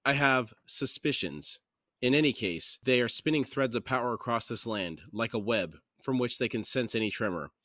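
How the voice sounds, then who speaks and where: A man's voice: medium pitch, expressive, pushed and bright, no echo, clean studio sound. Man doing a shrewd, diplomatic merchant master. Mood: measured. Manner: deliberate, diplomatic.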